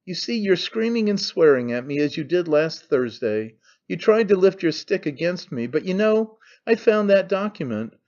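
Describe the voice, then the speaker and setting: A man's voice: high-pitched, sing-song, moderate pace, darkish tone, lo-fi sound, pitched above the performer's own voice. A man voicing a brash young man who mocks his father in an offhand, needling way. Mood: sneering. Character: young man, mocking, cynical, brash son.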